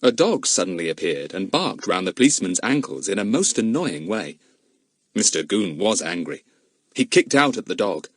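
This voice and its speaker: A man reads a children's mystery aloud as an audiobook. His delivery is expressive, with a very wide, animated pitch range. The recording is dry and close. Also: moderate pace, husky, dry recording. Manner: expressive storytelling. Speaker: audiobook narrator. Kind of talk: scripted narration.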